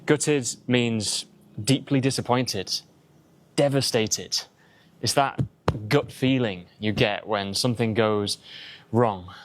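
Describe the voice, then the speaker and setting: A man's voice: mid-range voice, takes it slowly, slight background noise. A young man with an English accent, giving a chatty vlog-style English lesson and explaining words with examples. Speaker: English teacher.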